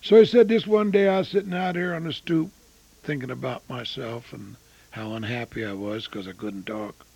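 A man in his eighties preaching a storytelling sermon, swinging between loud exclamations and hushed asides. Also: medium pitch, moderate pace, creaky, slightly rough, low-quality recording. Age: 80s.

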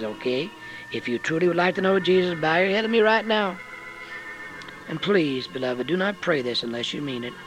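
An older man preaching a sermon in folksy, homespun phrasing, swinging from low, quiet stretches to loud, high-pitched bursts. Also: lively intonation, a little fast, soft background music, poor audio.

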